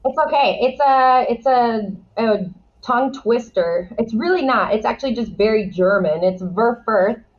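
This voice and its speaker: Lively storytelling woman, slightly higher voice. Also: moderate pace, muffled recording. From United States. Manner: lively storyteller, laughs easily. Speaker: guest, former wheelchair tennis player. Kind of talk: casual podcast interview.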